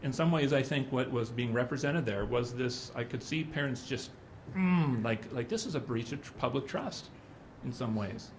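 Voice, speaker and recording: A man's voice: medium pitch, moderate pace, a little hiss or hum. A middle-aged man speaking at a symposium, telling anecdotes in a loose, conversational way. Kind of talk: conference talk.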